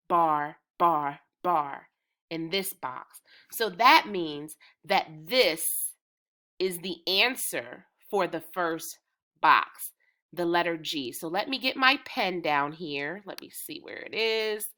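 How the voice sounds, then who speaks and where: A woman teaching preschoolers in a slow, sing-song way, chanting patterns and cheering them on. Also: on the low side, lively intonation, pushed and bright. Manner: encouraging, drawn-out, rhythmic chanting. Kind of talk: slow, sing-song lesson for small children.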